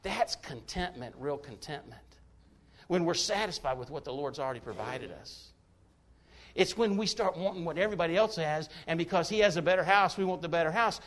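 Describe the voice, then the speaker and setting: A man's voice: on the high side, animated, a little fast, a bit bright. A man delivers a sermon. He preaches in an emphatic, folksy way, breaking into jokes between quoted verses. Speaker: pastor.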